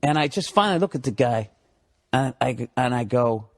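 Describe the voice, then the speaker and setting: Male stand-up comic, mid-pitched voice, swears a lot, rants and builds to shouted peaks. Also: lively intonation, normal speed. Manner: profane, ranting, builds to loud outbursts. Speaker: stand-up comedian. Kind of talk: stand-up storytelling.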